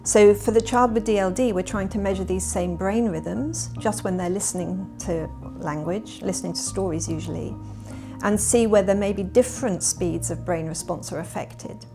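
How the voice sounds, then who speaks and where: A woman professor, explaining her research in a measured documentary interview. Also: mid-range voice, creaky, mellow, faint music behind.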